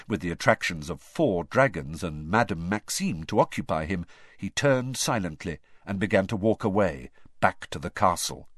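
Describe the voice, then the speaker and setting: A man narrates a storybook with an expressive, animated delivery. His pitch moves freely, with plenty of rise and fall. The recording is close and dry, with no room sound. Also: no room sound. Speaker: audiobook reader.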